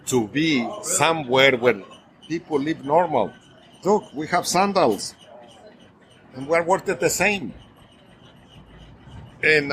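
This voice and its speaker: A restaurant owner, telling animated anecdotes in a casual interview and acting out the voices of the people in them. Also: male voice, on the high side, slight background noise. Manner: animated anecdotes, acts out quoted voices, laughs often. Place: busy restaurant bar. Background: crowd chatter.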